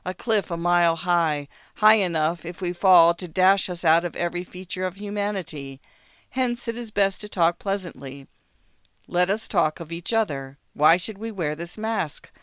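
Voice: mid-range voice, fairly bright tone, clear, resonant tone, no echo, natural voice. A reader voicing a feverish, desperate man. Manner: feverish, pressing, rhetorical questions. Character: agitated, desperate man buying from a dealer.

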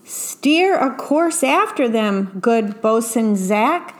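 A woman's voice: a little high, expressive, takes it slowly. A woman voicing a bold, bossy young boy pirate captain in a read-aloud picture book, with cheerful commanding calls.

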